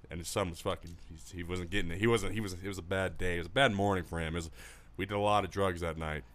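Low-voiced man telling crude stories. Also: quick pace. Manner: crude, profane, animated storyteller. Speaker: podcast co-host. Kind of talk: casual podcast chat.

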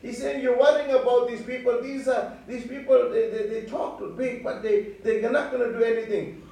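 A man's voice: extremely high pitch, steady tone, moderate pace, gravelly, mellow. Male preacher, earnest, stammering restarts, distant mic, big reverberant hall. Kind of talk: sermon. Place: church hall. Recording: echoey hall from far off.

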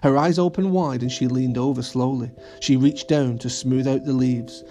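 Brief: gentle male reader of a children's storybook, warm tone, faint music bed. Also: steady tone, normal speed. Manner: gentle, switches to high voices for characters. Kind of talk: reading a children's story aloud.

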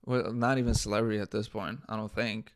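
A man's voice: on the low side, flat delivery, a little fast. A man hosting his own podcast, talking bluntly and profanely in a casual, exasperated rant. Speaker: podcast host.

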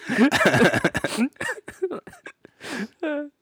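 Laughing young man, lively pitch. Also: extremely slow, breathy edge, no room sound, clean studio sound. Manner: joking, profane, laughs often. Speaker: podcast co-host. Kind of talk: casual chat.

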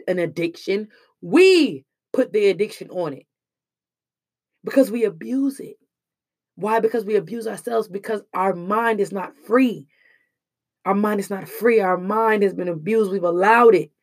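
A young woman speaking in an earnest, emphatic monologue, casual and slangy as she shares hard-won lessons. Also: on the high side. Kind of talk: emotional personal monologue.

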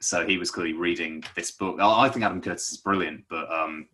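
A man's voice: deep voice, a little fast, pushed and bright, breathy edge. A man explaining a topic in casual conversation, rambling with lots of fillers and restarts.

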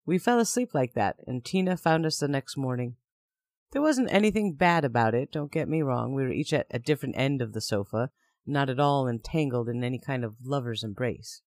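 A man's voice: mid-range voice, expressive, normal speed, darkish tone, no room sound, clean studio sound. A man narrating a first-person story in a plain, conversational way.

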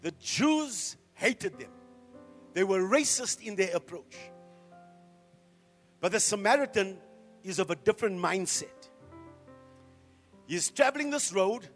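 A middle-aged man preaching a sermon as a pastor, firing off rhetorical questions and swinging from hushed to loud. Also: sits high, animated, a little slow, pauses often, soft background music.

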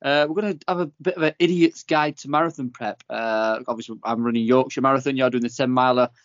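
A man's voice: medium pitch, fast, no echo, highs cut off. A man hosting a podcast, talking in a hesitant, good-humored way with many fillers. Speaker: podcast host. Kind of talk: casual podcast chat.

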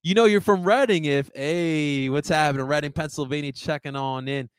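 Young male sports-stream host, fired up and profane, slightly high voice. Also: normal speed, clean tone, no echo. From first-generation American. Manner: excitable, swearing, fired up. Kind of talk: livestream sports talk.

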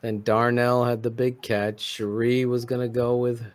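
A man co-hosting a casual sports chat, animated and swearing freely. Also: medium pitch, measured pace. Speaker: co-host.

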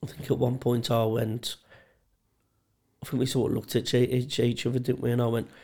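Man, gravelly and mid-pitched, for sweary laughing anecdotes on a comedy podcast. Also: level tone, a little fast, dark tone. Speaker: podcast co-host. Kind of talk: casual storytelling chat.

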